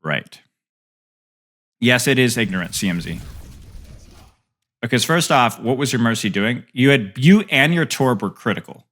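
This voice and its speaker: A man's voice: medium pitch, lively intonation, normal speed, long pauses, a bit bright. A young man coaching a player through game footage, trading playful banter with his stream chat between tips.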